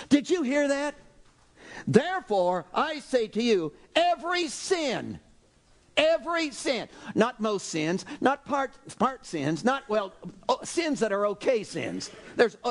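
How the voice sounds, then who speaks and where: A male pastor preaching a sermon, animated and exclaiming, acting out voices from the story. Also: high voice, a little slow.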